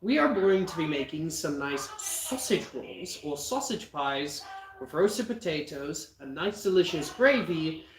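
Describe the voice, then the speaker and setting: A man's voice: a little high, expressive, unhurried. South African man hosting a cooking stream. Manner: chatty, jokey, talks viewers through steps. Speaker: cooking livestream host. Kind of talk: casual cooking livestream. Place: home kitchen. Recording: echoey kitchen with background noise.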